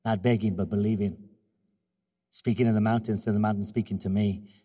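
A man preaching a sermon as pastor, moving from quiet, confiding talk to loud call-and-response exhortation. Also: little pitch movement, brisk, breathy edge, in a large hall. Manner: soft, low, confiding in personal stretches.

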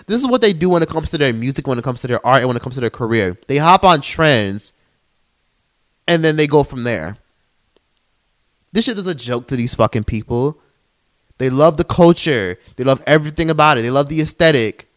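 A man's voice: mid-range voice, lively intonation, fairly quick. A young man hosting a solo podcast, heated and profane, mocking others in put-on voices. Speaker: podcast host.

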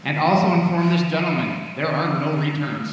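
A man's voice: on the high side, moderate pace, a little hiss or hum. Man, playful father's speech, laughs at own jokes, distant mic, reverberant hall. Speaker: father giving a graduation tribute. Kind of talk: read speech at a ceremony. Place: large hall at a graduation event. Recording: echoey hall, heard from afar.

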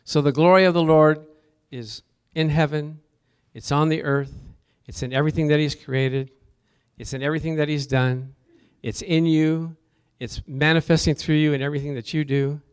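In a slightly high, clean voice, a male pastor preaches at a moderate pace with a steady tone. He shares personal stories, asks the congregation questions, and gives key words rising emphasis.

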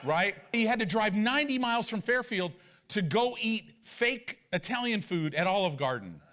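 High-voiced animated man preaching. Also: normal speed. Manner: animated, storytelling with rhetorical questions. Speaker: pastor. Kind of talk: sermon with personal stories.

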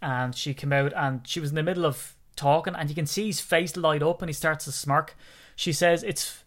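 A man co-hosting a casual podcast chat, telling stories with jokes and laughs in an animated way. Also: fairly high pitch, normal speed. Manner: joking, animated storytelling with laughs. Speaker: podcast co-host.

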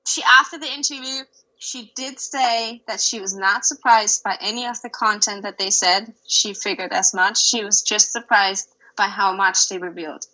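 A woman's voice: mid-range voice, steady tone, normal speed, bright, forceful tone, rough recording. A woman in her thirties, co-hosting a podcast in casual chat, earnest and hedging, with many "I mean" and "like" fillers. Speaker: podcast co-host.

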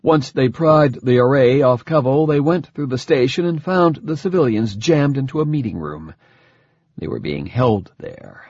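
A man voicing a gentle scientist father who explains things calmly and quickly. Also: mid-range voice, breathy edge, no room sound, muffled recording, pitched above the performer's own voice. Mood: explaining.

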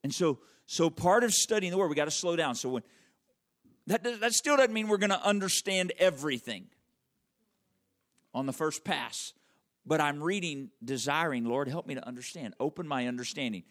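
A man preaching a conversational sermon, checking in with the audience with frequent questions and slowing right down to stress key words. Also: a little high, animated. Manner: wide swings in loudness and emphasis, drawn-out slow words. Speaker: pastor.

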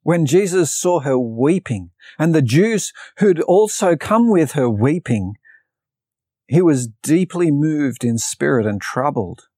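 Male pastor, earnest sermon, unhurried delivery, dry close sound. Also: mid-range voice, expressive, mellow, breathy edge, no room sound. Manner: earnest, personal storytelling with Bible reading. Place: preaching to an online congregation.

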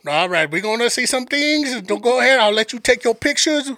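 Man putting on a loud joking Cajun tour guide. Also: extremely high pitch, animated, a little fast, no echo, pitched above the performer's own voice, exaggerated voice. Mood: instructing.

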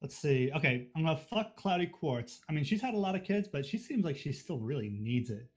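A man's voice: on the high side, very animated, fairly quick, a little mellow. A man answering interview questions on a casual podcast in a frank, matter-of-fact way. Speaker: podcast guest, fan fiction writer.

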